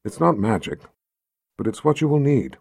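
A man reading aloud, voicing a gentle, soothing motherly woman who speaks softly. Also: medium pitch, very animated, normal speed, gravelly, husky, no room sound, studio quality, exaggerated voice.

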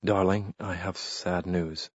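A man reading an audiobook voices a devoted English gentleman, speaking softly and earnestly. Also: low voice, fairly even intonation, takes it slowly, breathy edge, no echo, muffled recording, heavily acted. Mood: tender.

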